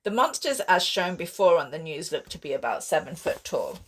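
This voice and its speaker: A woman author reading her own sci-fi horror novel aloud in steady, expressive audiobook narration. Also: fairly low pitch, normal speed, a little hiss or hum.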